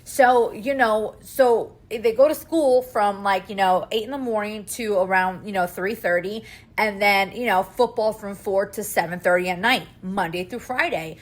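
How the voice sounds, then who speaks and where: A woman in her thirties hosts her own podcast as a mother of three. She vents in a raw, emotional way and swears often, her voice sitting at an ordinary middle pitch for a woman. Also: moderate pace. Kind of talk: casual emotional podcast monologue.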